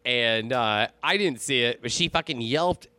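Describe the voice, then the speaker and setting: A man chatting on a podcast, telling a ghost story in a loose, swearing, animated way. His pitch sits in an ordinary middle range. The sound is dry, with almost no room in it. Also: unhurried, dry recording. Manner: profane, animated storytelling, laughs often. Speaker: podcast co-host. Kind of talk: casual chat, storytelling.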